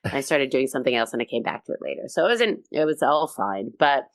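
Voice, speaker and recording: Lively Canadian woman comedian chatting. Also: a bass voice, dry recording, clean studio sound. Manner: energetic, animated storytelling with quick restarts. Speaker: comedian guest. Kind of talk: casual interview chat.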